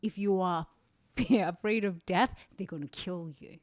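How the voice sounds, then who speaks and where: A middle-aged woman with a South African accent, a native Zulu speaker, talks with fierce conviction and hammers her points home by repeating them. Her voice sits fairly low, and the recording is close and dry with no room sound. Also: unhurried, dry recording. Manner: intense, emphatic, repeats phrases for weight. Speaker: livestream speaker. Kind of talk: impassioned motivational talk.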